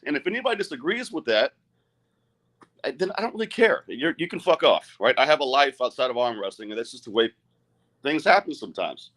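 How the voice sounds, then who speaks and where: A man's voice: medium pitch, lively intonation, brisk, fairly bright tone. A middle-aged man, an arm wrestler, speaking bluntly and with a lot of swearing in a heated live-stream rant. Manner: profane, blunt and agitated.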